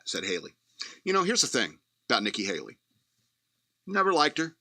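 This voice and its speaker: A male talk radio host reads news items aloud and breaks off into blunt, profane commentary. His manner is sardonic, and he chuckles at his own jokes. His voice is forceful and bright, recorded dry and close. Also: mid-range voice, huge pitch swings, normal speed, no room sound.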